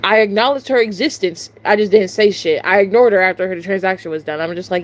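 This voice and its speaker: A woman's voice: medium pitch, quick pace. A young woman vlogger, telling a storytime in casual, profane, exasperated chat.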